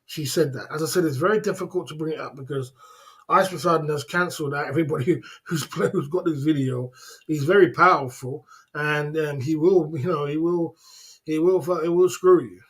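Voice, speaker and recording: A man's voice: on the high side, brisk, slightly rough. A man hosting a casual livestream, repeating himself insistently and scolding his viewers. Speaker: livestream host. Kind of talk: casual livestream rant to chat.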